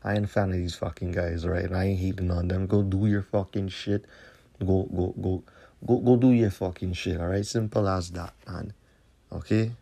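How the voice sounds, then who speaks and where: Man, low gravelly voice, mellow dark tone, cursing solo podcast rant. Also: fairly even intonation, moderate pace. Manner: profane, confrontational ranting with repeated tag questions. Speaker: podcast host.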